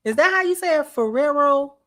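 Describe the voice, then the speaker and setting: A middle-aged woman, hosting a casual livestream and talking straight to her viewers in an animated, drawling way. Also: mid-range voice, normal speed. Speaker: channel host.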